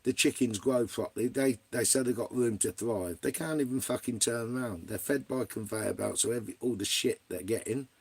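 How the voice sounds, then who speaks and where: A middle-aged English man with a husky, fry-laden voice chats to his livestream viewers. He talks bluntly and rambles, dropping swear words all the time. His pitch sits in an ordinary middle range. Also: a little fast, hardly any pauses. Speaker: vlogger. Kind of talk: casual livestream chat, answering viewers.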